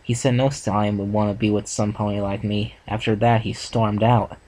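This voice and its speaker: Guy reading as a sad farm pony mare, soft plain read, lowish voice. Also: steady tone, moderate pace, lightly acted, rough recording. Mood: sad, tearful. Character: earnest female farm pony, heartbroken.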